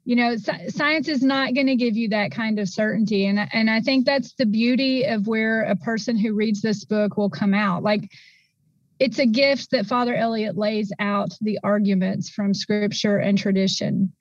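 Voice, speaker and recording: A woman's voice: mid-range voice, fairly even intonation, normal speed, dry recording, highs cut off. A woman guest author speaking thoughtfully in a casual discussion.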